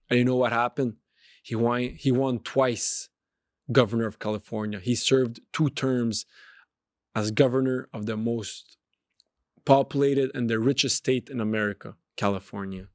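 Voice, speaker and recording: A man at a medium pitch delivers a motivational monologue on his podcast, driving points home through repetition. His voice sounds dry and close, with no room echo around it. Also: fairly even intonation, moderate pace. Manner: emphatic, repeats phrases and restarts. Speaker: podcast host and street pastor.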